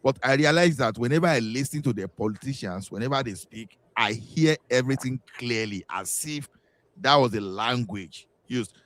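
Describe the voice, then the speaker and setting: Nigerian man, co-host, mid pitch, dry close sound, rambling animated storyteller. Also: moderate pace, no echo. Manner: animated storytelling with repeated restarts. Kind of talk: casual panel chat.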